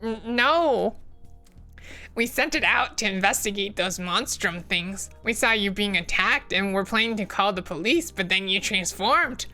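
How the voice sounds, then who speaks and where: A woman's voice: medium pitch, unhurried, sharp tone, faint music behind. A woman voicing a nerdy, awkward young man who runs a photography club, with a nasal, stammering voice. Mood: flustered.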